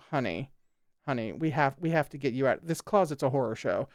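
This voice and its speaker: A man's voice: medium pitch, lively intonation, normal speed, a little mellow, no room sound, studio quality. A man hosting a show who reads a text aloud and breaks off into sarcastic, exclamatory commentary, swearing casually. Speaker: host. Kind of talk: reading aloud and reacting with commentary.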